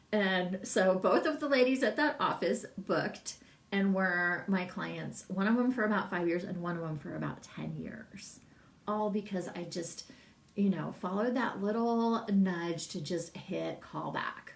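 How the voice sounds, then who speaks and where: Chatty woman with a gravelly voice. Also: mid-range voice, slow pace, echoey room, recorded from a distance. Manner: chatty, rambling, laughs often, reads viewer comments. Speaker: massage business coach. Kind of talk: casual livestream talk.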